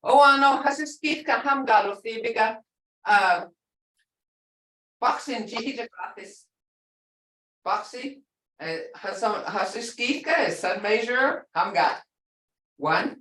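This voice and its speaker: A woman's voice: a little high, takes it slowly, pauses often, a bit bright. Older woman teaching, echoey and distant. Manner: repetitive, explains patiently, laughs often. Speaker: language instructor. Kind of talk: teaching an online language class. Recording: echoey room, far from the mic.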